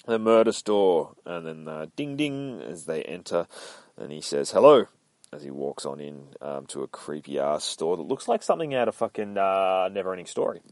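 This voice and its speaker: A man's voice: deep voice, big pitch swings, normal speed, no echo. A man casually narrating a comic book page by page, rambling and swearing, often laughing. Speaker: comic book podcast host. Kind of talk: casual comic read-along.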